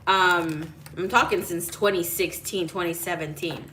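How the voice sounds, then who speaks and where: A woman's voice: fairly low pitch, steady tone, measured pace, noisy background. A woman talking casually to live viewers as a tarot reader, greeting people by name, cursing freely and slipping in Spanish greetings. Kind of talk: casual live-stream chat. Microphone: phone.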